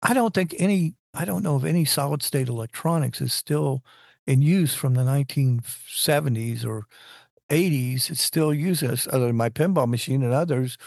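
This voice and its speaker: A man's voice: medium pitch, normal speed, vocal fry, a little mellow, dry recording, studio quality. A man in casual technical conversation, rambling and restarting his sentences as he explains engineering ideas.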